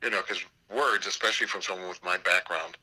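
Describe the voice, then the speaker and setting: An older man telling theater anecdotes in an interview. His voice sits low but comes across bright and forceful as he gets animated. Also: brisk, breathy edge, low-quality recording. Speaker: theater professor. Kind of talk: storytelling interview over a call.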